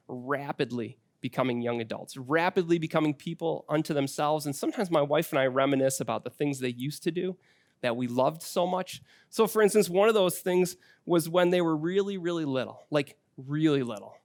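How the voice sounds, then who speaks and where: A male pastor in his forties preaches a sermon in a fairly high-pitched voice, recorded dry with clean studio sound. He tells family stories conversationally, weaving in personal anecdotes.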